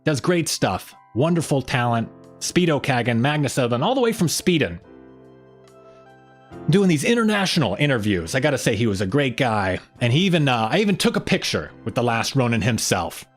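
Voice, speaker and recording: A man's voice: medium pitch, sing-song, fairly quick, few pauses, faint music behind. A man hosting a casual weekly livestream, rambling loosely and greeting viewers in the chat by name. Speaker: livestream host.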